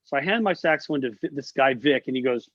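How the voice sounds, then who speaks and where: A middle-aged man of medium pitch talks at a quick pace as a guest musician in a casual interview over video call. He's an animated storyteller who acts out quoted voices; there's no room sound, and the call audio comes across dull and lo-fi.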